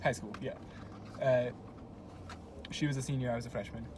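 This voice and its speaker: A young man from the United States telling a story in relaxed, rambling casual chat, with many fillers. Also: medium pitch, normal speed. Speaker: vlogger's younger brother. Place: inside a moving car. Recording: car noise behind.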